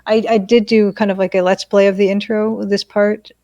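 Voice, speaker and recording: A woman's voice: mid-range voice, level tone, moderate pace, warm tone, no echo. Cheerful woman game developer hosting. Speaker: game developer, stream host. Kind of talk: casual live-stream chat.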